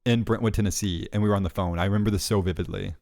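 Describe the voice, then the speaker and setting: A man's voice: fairly low pitch, steady tone, racing, gravelly, a little mellow, dry recording, clean studio sound. A man co-hosting a podcast in casual chat, teasing and mocking his co-host.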